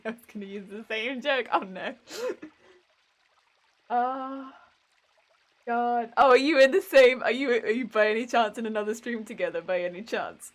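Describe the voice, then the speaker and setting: Giggly high-voiced woman streamer. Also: sing-song, unhurried, long pauses. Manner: giggly, chatty, greets viewers, talks over gameplay. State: recovering from a migraine. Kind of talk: casual gaming stream chat.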